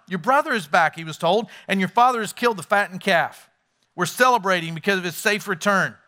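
A man's voice: sits high, pushed and bright. A man preaching a sermon on a Bible parable, acting out the characters' lines as he retells the story. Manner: acts out the story's characters in voices. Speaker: pastor.

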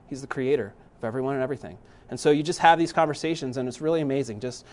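A father giving a church talk to parents, animated and full of restarts. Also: mid-range voice.

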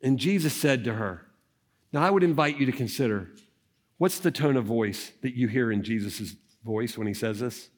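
A man preaching an Easter sermon, acting out the scenes of the story as he tells it, at times dropping soft and low. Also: moderate pace. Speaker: pastor.

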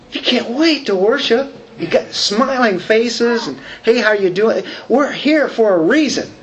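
A man preaching a sermon, talking conversationally and asking the congregation questions. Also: sits high. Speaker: pastor.

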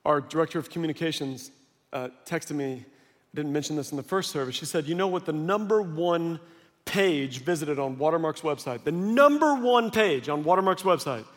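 Animated high-voiced male preacher, hall reverb. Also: moderate pace. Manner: animated storytelling with acted quotes. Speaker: pastor. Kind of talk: sermon. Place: large church hall.

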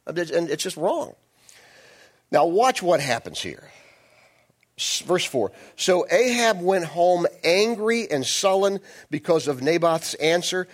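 A male preacher reads scripture, then drifts into chatty, joking asides with his audience. His slightly high voice rises and falls freely as he explains and digresses. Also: big pitch swings, slow. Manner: conversational, digressive, playful asides. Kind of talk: sermon with Bible reading.

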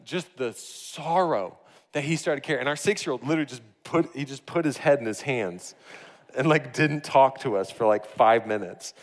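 A man in his thirties preaching a sermon, telling a family story in an animated, laughing storytelling manner. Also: mid-range voice, moderate pace. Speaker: pastor. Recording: long hall reverb.

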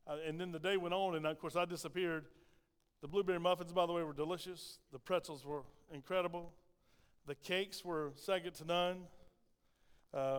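Male pastor, folksy sermon delivery, smooth resonant tone, reverberant sanctuary. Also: sits high. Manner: folksy, conversational preaching with asides. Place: church sanctuary. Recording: long hall reverb.

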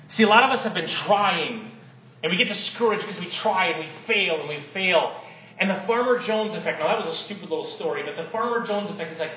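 Male pastor, high voice, energetic sermon with emphatic peaks; roomy, muffled church recording. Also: brisk. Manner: energetic preaching, reads stories aloud, rising to emphatic peaks.

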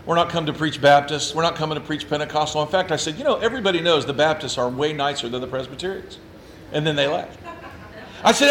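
A man who is a pastor telling a story in a lively, humorous way and acting out his own quotes. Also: on the high side, fast talker. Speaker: Presbyterian pastor. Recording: echoey room with faint ambience.

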